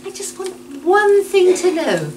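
A woman playing an excitable, theatrical lady in a stage pantomime, exclaiming in a shrill manner. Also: a little slow, full character voice. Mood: indignant. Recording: echoey theatre, distant mic, music and audience.

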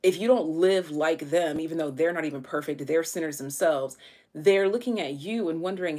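Woman tarot reader, low husky voice, loose and slangy, thinks out loud. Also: normal speed. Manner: chatty, slangy, thinks aloud with many fillers. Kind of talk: casual tarot reading.

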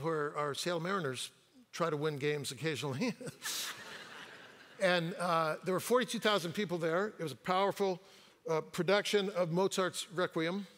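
High bright-voiced older man preaching. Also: in a large hall. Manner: storytelling with quips and hesitations. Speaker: guest pastor. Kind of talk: sermon. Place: church sanctuary.

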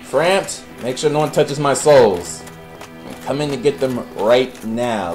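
A man's voice: medium pitch, lively intonation, a little slow, darkish tone, faint music behind, poor audio. Profane, sarcastic man playing a game. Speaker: gaming commentator. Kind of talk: Let's Play commentary.

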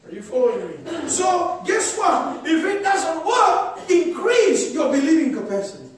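High-voiced man preaching in an echoey hall. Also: very animated, a little slow. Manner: emphatic preacher, rising to shouts. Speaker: pastor. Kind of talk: sermon. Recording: echoey hall, distant mic.

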